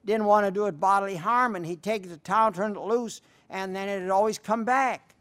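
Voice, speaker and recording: A man's voice: high-pitched, fairly even intonation, moderate pace, fairly bright tone. An older man preaching a folksy sermon, telling stories with emphatic repetition and answering listener letters. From rural sheep-raising upbringing. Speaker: radio preacher.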